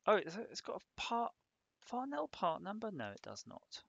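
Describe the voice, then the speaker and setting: A man's voice: sits high, huge pitch swings, moderate pace, gravelly, fairly bright tone, no echo, muffled recording. A man on a casual live stream, rambling and joking while he thinks aloud about a hardware design.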